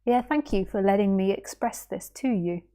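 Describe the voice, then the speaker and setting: A woman teaching non-duality in a spontaneous spiritual talk, playful and animated, musing aloud with rhetorical questions and little acted-out voices. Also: mid-range voice, normal speed.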